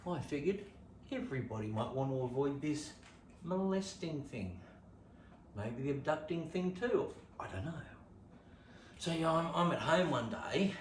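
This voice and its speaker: A man with an Australian accent rehearsing stand-up, telling a story with lots of swearing and sudden jumps from whispers to shouts. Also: medium pitch, slight background noise. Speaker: stand-up comedian. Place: room at home. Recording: echoey room, distant mic.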